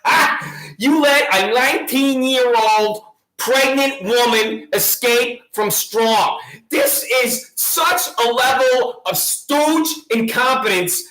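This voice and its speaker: A woman vlogger from Long Island, New York, speaks with a local accent in a fairly high, fairly bright voice, taking her time as she mocks someone directly into the camera. Her sarcastic, taunting rant keeps circling back to the same jabs, and the room echoes.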